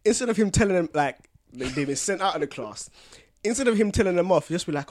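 A man co-hosting a podcast in casual chat, telling lively stories and breaking into loud laughs. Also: high-pitched, fast talker, dry recording. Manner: animated storyteller, bursts into loud laughter. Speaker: podcast co-host.

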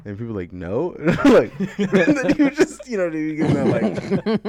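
A man hosting a podcast in casual chat, laughing often and acting out friends in quick voices. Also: on the high side, sing-song, darkish tone. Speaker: podcast host.

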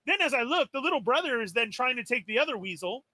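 A man with a high, bright voice tells a story with excitable energy. He is plainly exasperated and acts out the lines he quotes. The sound is dry and close. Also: fast talker, dry recording. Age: adult. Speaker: toy podcast co-host. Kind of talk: animated storytelling on a live stream.

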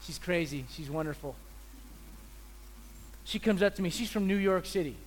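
High-voiced pastor telling lively stories. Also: male voice, moderate pace, a little hiss or hum. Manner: animated storyteller, acts out people's voices. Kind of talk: sermon with storytelling.

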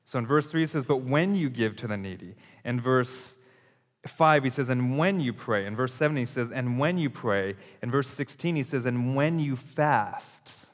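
A man's voice: mid-range voice, animated, normal speed. A man in his thirties preaching a conversational, emphatic sermon, often restarting his phrases as he works through his point. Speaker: pastor. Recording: long hall reverb.

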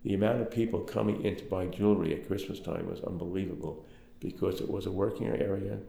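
An older man from Brooklyn talks fast in a low, creaky, mellow voice with a steady tone, rambling through anecdotes with plenty of fillers in his Brooklyn accent. It's an oral history interview recorded in an echoey room.

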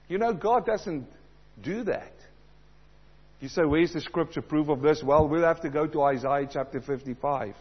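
A man preaching a sermon, swinging between loud emphatic passages and low, quiet asides. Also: normal speed, husky, dull audio.

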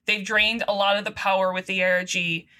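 A woman casually recapping a TV episode on a podcast, animated and quick to laugh, quoting the characters playfully. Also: mid-range voice. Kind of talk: casual chat.

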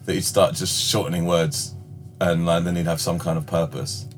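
A man's voice: sits low, steady tone, normal speed, faint music behind. A man hosting a casual podcast chat, teasing his friends and laughing often. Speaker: podcast host and musician.

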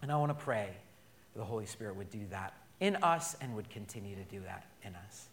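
A man preaching a sermon as pastor, drawing call-and-response from the congregation and swinging between emphatic and quiet delivery. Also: on the low side, expressive, brisk.

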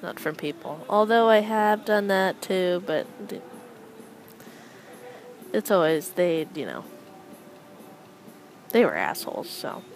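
A young adult woman hosting a casual solo chat, rambling with wry, deadpan asides as she comments on people passing by. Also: medium pitch, slow pace, long pauses, soft background music, poor audio. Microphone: close microphone.

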